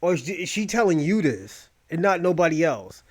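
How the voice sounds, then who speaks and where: A man hosting a podcast, talking in loud, rambling, mocking rants full of profanity. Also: fairly high pitch, very animated, normal speed. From United States. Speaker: podcast host. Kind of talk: profane casual commentary.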